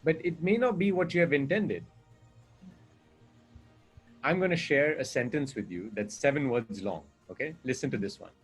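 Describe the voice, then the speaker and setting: Guy coaching thru a chat, husky, middle pitch, asks lots of rhetorical questions. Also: expressive, moderate pace, pauses often, faint music behind. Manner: earnest, explaining with examples and rhetorical questions. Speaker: communication coach. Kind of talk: conversational coaching talk.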